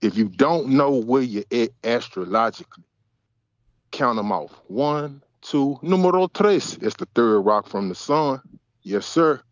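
A man's voice: on the low side, animated, a little slow, no echo, muffled recording. A man co-hosting a boxing podcast, signing off in swaggering, slangy hype talk. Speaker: podcast co-host. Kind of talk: casual podcast sign-off.

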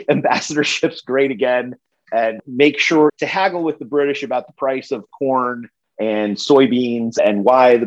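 A man hosting a casual sports podcast, jokey and steering the chat from topic to topic. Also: medium pitch. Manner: jokey, drives the talk and sets up bits. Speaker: podcast host. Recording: slightly dull lo-fi sound.

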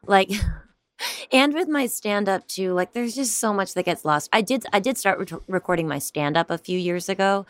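A young adult woman, an actor and stand-up comedian, chatting in an interview in a rambling way, full of fillers and quick laughs. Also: medium pitch, dry recording. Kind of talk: casual interview chat.

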